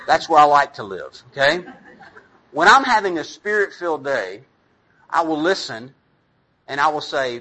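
Husky-voiced man preaching conversationally. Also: fairly high pitch, animated, normal speed, pushed and bright, rough recording. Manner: conversational, self-deprecating preaching with asides to the congregation. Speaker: pastor. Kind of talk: sermon.

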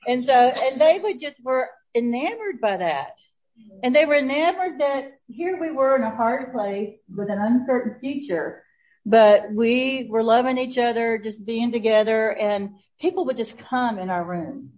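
A woman, sharing a personal testimony with an audience, telling the story warmly and laughing often. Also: on the high side, lively intonation, unhurried, dull audio. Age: 70s.

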